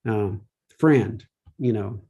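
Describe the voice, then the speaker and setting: A man's voice: lowish voice, very slow, dark tone, husky, lo-fi sound. A middle-aged man speaking openly as a podcast guest, rambling and often asking "you know what I mean". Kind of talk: candid conversational interview.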